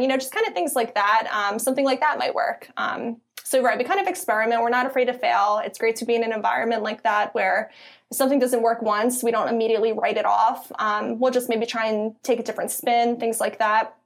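A woman's voice: on the high side, steady tone, a little fast. A young woman with a Philadelphia accent, chatting in an interview as a guest, filling her talk with ums and you-knows. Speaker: guest, content editor. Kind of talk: casual interview conversation.

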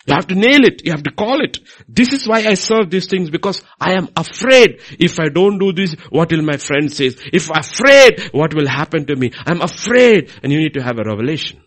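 Middle-aged man, husky, lively pulpit preacher with big swings in delivery. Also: a little high, a little fast, few pauses. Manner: animated, swings between loud emphasis and quiet asides. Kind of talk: sermon.

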